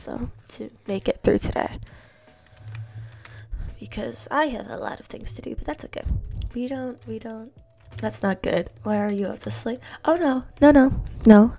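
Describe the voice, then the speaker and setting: Hoarse, gravelly-voiced woman streamer. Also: a little high, mellow. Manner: chatty, reassuring, talks to chat and to herself. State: hoarse from being sick. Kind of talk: casual live-stream chat while gaming.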